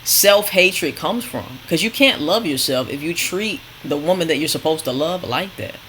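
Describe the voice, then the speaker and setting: A host reacting to a clip and commenting bluntly in casual chat. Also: male voice, fairly high pitch, expressive, sharp tone, slight background noise, low-quality recording. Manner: blunt, quick interjections.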